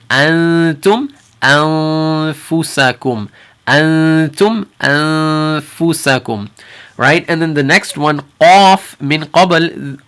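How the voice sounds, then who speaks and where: A man with a fairly high voice teaches recitation rules in a patient, explanatory way. He stops to say each example word slowly, more than once. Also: fairly bright tone. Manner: patient, repeats Arabic words slowly for practice. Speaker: tajweed teacher.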